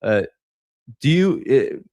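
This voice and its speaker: A man's voice: mid-range voice, very animated, drawn-out words, gravelly, a little mellow, no echo, clean studio sound. A man hosting an interview, asking long, rambling questions full of fillers. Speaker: show host.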